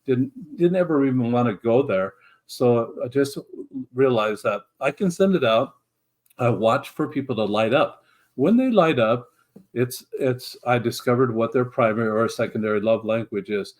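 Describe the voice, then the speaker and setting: A middle-aged man speaks as an interview guest, in an earnest, reflective way. He restarts his phrases often. His voice sits at an ordinary mid pitch. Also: normal speed. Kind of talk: conversational storytelling.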